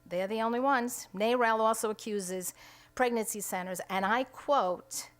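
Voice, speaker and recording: A woman's voice: a little high, measured pace. A middle-aged woman who directs a pregnancy center, giving an emphatic press conference statement at a podium microphone indoors. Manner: emphatic, re-enacts quoted dialogue. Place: indoor room at a state capitol.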